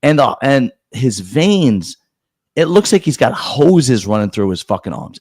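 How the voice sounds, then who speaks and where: A middle-aged man spins crude, rambling stories into a podcast mic, circling back and restarting his lines as he goes. His voice sits at an ordinary middle pitch, and the sound is dry and close, with no room in it. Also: very animated, normal speed, dry recording. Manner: profane storyteller with many restarts. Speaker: podcast host. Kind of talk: casual chat.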